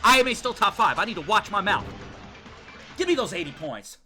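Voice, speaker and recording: A young man streaming a game, excitably ranting and swearing at the characters as he plays. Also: sits high, brisk, faint music behind. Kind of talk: live game playthrough commentary.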